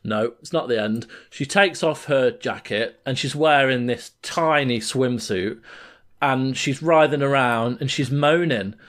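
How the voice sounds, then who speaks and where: Unhurried and a bit bright, this medium-pitched man is a podcast co-host recounting a game scene in relaxed, animated chat. His telling is full of laughter, and he keeps trailing off and beginning again.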